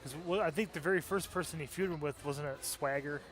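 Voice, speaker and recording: A man co-hosting a wrestling video game stream, chatting in a relaxed, rambling way with chuckles. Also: fairly high pitch, a little fast, faint music behind. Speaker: co-host. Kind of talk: casual game commentary.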